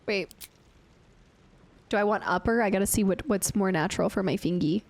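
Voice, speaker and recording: A woman's voice: medium pitch, normal speed, pauses often. A woman streaming a game in a chatty, playful way, thinking aloud and thanking viewers from chat. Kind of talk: casual gameplay commentary.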